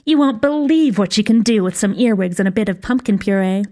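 A woman's voice: medium pitch, lively intonation, brisk, dark tone, close to an everyday voice. A woman voicing a boastful red-haired witch mother who coos and brags about her daughter. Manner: cooing, snobbish.

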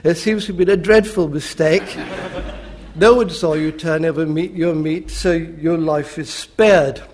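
A man voicing a medieval emperor who speaks slowly with polite, mock regret, within an anecdote in a lecture. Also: on the high side, fairly even intonation. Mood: mock-apologetic. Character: apologetic male medieval emperor.

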